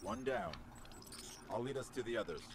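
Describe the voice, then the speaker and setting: A calm helper robot from a video game, voiced by a man. He speaks at a middling pitch, low-key and steady, with light background noise behind him. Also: normal speed, lightly acted.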